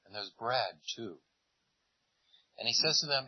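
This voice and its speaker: A man's voice: mid-range voice, a little slow, husky, no echo, dull audio. A man preaching a sermon, retelling a Bible story in a conversational, storytelling way. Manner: conversational storytelling, retelling scenes in lively voices.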